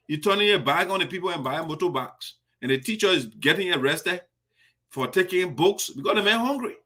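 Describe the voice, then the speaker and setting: Indignant radio host. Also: male voice, high-pitched, bright, forceful tone. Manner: indignant, emphatic, restarts often. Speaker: host of a diaspora radio show. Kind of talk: political radio commentary.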